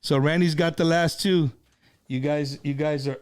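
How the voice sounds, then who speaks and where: A man's voice: a little high, moderate pace, darkish tone, clean tone. A middle-aged man hosting a casual live stream, chatting and telling stories in an easygoing way, with plenty of "you know" and "man".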